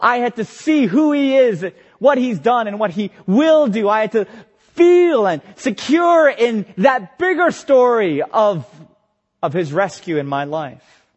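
A man preaching a sermon as pastor, impassioned, moving between quiet reflection and loud exhortation. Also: very high-pitched, big pitch swings, a little slow. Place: retreat meeting hall. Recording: long hall reverb.

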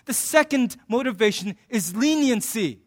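A man's voice: extremely high pitch, animated, moderate pace. A man preaching a sermon in a conversational, joking way, acting out little scenes between points. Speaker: pastor.

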